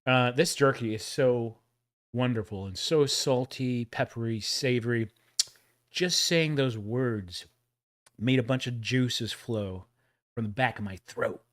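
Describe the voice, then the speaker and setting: A chatty Texan man in his forties hosts a casual livestream, rambling between clips and laughing at his own jokes. His voice sits at an ordinary middle pitch. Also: unhurried. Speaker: livestream host reacting to old commercials.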